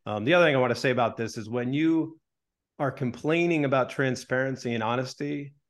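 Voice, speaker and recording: A man co-hosting a sports talk show, laying out his reasoning in a measured, deliberate way. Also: medium pitch. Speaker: sports broadcaster and podcast co-host.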